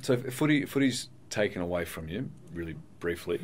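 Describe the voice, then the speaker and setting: Male podcast host, very low voice, probing, faint background noise. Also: lively intonation, fairly quick. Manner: probing, with stumbled question openings. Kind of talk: podcast interview.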